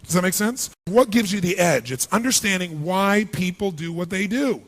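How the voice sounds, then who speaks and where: A man's voice: high voice, expressive, normal speed, a bit bright. A man giving a motivational seminar speech to a large live audience, firing rhetorical questions at them and acting out their inner voices. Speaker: motivational speaker.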